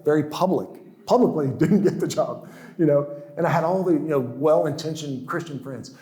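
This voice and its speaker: A man's voice: a little high, moderate pace, dark tone. A man in his sixties giving a personal testimony talk, stammering into restarts and chuckling as he tells his story. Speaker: guest speaker. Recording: roomy echo.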